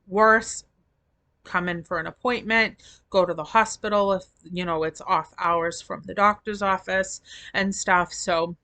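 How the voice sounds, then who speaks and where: A woman's voice: on the low side, fairly even intonation, measured pace, bright, forceful tone, no echo. A middle-aged woman vlogging in a rambling, chatty way, feeling sick with a sore throat. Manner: chatty, rambling, affectionate to viewers. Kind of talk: casual chat to camera.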